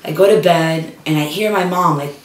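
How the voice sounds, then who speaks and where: A woman's voice: low voice, steady tone, normal speed. A young woman from the Miami area telling a personal story in a casual, chatty way, full of "like". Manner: chatty, lots of "like", switches into Spanish for quotes. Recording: roomy sound, distant from the mic.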